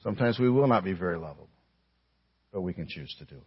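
A man's voice: deep voice, expressive, fast talker, husky, dull audio. A male pastor preaching a sermon to his congregation, emphatic, posing pointed rhetorical questions and speaking directly to the people in the room.

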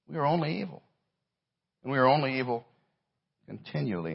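Husky-voiced preacher, emphatic and dynamic. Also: male voice, expressive, a little fast, long pauses, lo-fi sound. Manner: emphatic, swinging between loud stress and hushed low phrases. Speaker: pastor. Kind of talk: sermon.

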